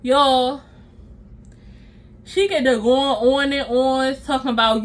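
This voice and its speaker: An animated woman telling a story straight to her viewers, chatty and expressive. Her voice sits high, and she slips into the voices of the people in her story. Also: slow pace. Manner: animated, addresses viewers as y'all and honey, acts out quotes. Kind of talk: casual storytime.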